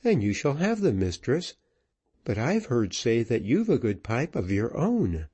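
Man voicing a cheerful easygoing fiddler, slightly raised voice, lively, storybook. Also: mid-range voice, a little slow, husky, heavily acted. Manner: good-humoured, easygoing.

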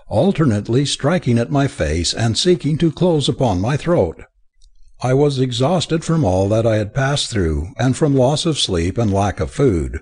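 A man reads an adventure audiobook in the first person with a theatrical flair. His voice is husky, and his pitch swings widely, rising and falling to carry the drama of each line. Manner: expressive, theatrical reading. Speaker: audiobook narrator.

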